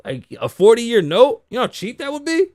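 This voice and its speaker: A man's voice: very high voice, sing-song, fairly quick, darkish tone, no echo, studio quality. A man hosting a casual talk show, reading news aloud and riffing on it bluntly with heavy swearing. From Las Vegas, Nevada (lives there). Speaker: podcast host.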